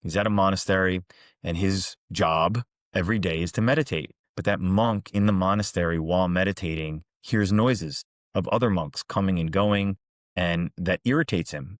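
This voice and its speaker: A man hosting a reflective monologue, calmly and earnestly recounting parables. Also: low-pitched, normal speed, dry recording, clean studio sound. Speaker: host, executive coach.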